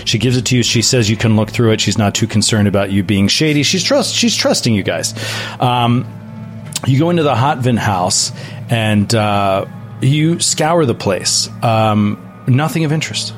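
A man's voice: mid-range voice, lively intonation, moderate pace, soft background music. A man running a tabletop horror game as game master, joking and laughing often with his players.

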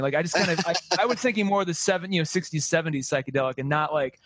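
Fast-talking rambling podcast guy. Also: on the high side, no echo. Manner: rapid, rambling, animated with many restarts. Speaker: podcast co-host. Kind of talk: casual chat about movies.

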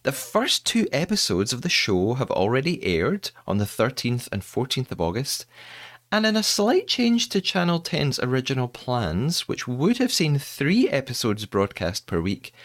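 Lively, chatty male podcast host. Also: mid-range voice, moderate pace. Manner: chatty, playful, self-mocking. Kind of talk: casual podcast monologue.

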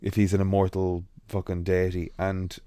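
A man's voice: low-pitched, monotone, moderate pace, mellow, no echo, clean studio sound. A man co-hosting a podcast in casual chat, rambling with frequent ums and restarts. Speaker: podcast co-host.

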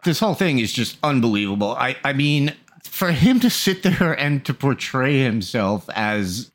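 A man co-hosting a political podcast, his voice in a middle range but swinging widely up and down. He talks in a mocking, animated way and chuckles through his own remarks. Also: medium pitch, moderate pace. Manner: animated, mocking, laughs while talking. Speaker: podcast co-host. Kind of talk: casual political chat.

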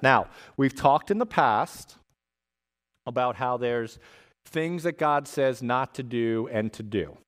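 Male pastor, sermon, mid-pitched voice, chatty delivery, animated emphasis, frequent asides. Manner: conversational, frequent "right?" check-ins.

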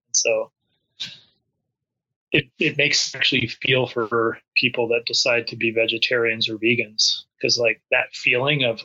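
A man's voice: medium pitch, sharp tone, slightly rough, lo-fi sound. A man in casual podcast chat who rambles with many restarts and fillers.

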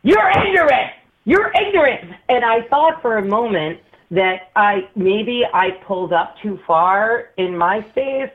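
Woman guest telling a story by phone, expressive and laughing, tinny line. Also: mid-range voice, slow pace. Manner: animated, acts out quoted voices, laughs often. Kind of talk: casual storytelling chat. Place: Massachusetts.

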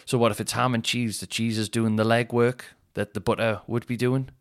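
A man's voice: medium pitch, fairly quick. A man, hosting a podcast and telling rambling, sweary comic stories. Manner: sweary, rambling, animated retelling with shouted put-on quotes. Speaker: podcast host. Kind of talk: casual comedic storytelling.

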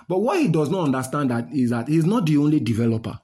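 A man's voice: a little high, sing-song, quick pace, few pauses, mellow. A man with a Nigerian accent delivering a heated, repetitive monologue to his listeners, slipping into pidgin and Yoruba. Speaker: website founder addressing listeners.

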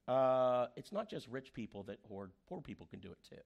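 A man's voice: mid-range voice, moderate pace, creaky, few pauses. A man preaching a sermon as pastor, telling stories and acting out the quoted voices. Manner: animated storyteller, acts out quoted voices.

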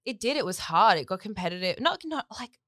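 Aussie girl in her 20s chatting on a podcast, bright voice, bouncy lively pitch, dry room. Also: brisk, dry recording. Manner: chatty, lots of "like" fillers and bursts of laughter. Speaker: podcast guest. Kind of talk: casual chat.

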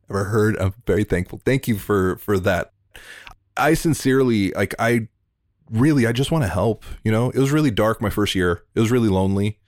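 A man hosting a podcast interview over a remote call, talking in an earnest, heartfelt way and in quick bursts. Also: lowish voice, darkish tone, dry recording, clean studio sound. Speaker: podcast host. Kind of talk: emotional interview conversation.

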